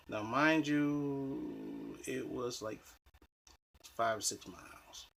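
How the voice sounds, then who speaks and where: A man telling personal dating stories in a casual, animated, rambling way, swearing freely and restarting sentences. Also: medium pitch, takes it slowly, vocal fry, slight background noise. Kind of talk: casual storytelling.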